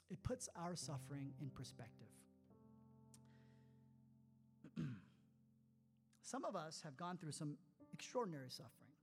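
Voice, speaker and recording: A man preaching a sermon as a pastor, conversational and animated, full of rhetorical questions. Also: high-pitched, long reverb tail.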